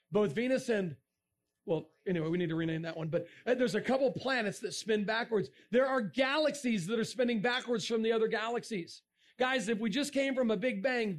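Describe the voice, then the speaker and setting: A man giving a jokey, animated talk to an audience, breaking into sudden shouts. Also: high voice. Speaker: speaker. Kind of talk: comic science-and-faith talk to a crowd.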